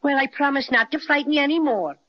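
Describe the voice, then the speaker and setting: A woman's voice: high-pitched, quick pace, close to an everyday voice. A woman doing a tiny Irish teddy bear. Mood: cheerful. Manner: jaunty, rhyming, polite with old-fashioned turns of phrase. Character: tiny male teddy bear, playful, mock-ferocious. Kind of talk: 1930s radio drama. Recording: dull old radio transcription.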